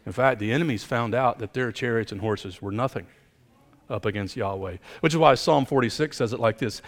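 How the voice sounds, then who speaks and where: Male pastor, middle-aged, emphatic sermon delivery, mid pitch, reverberant sanctuary. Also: fairly quick. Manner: emphatic preaching, building up and then dropping low. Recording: long hall reverb.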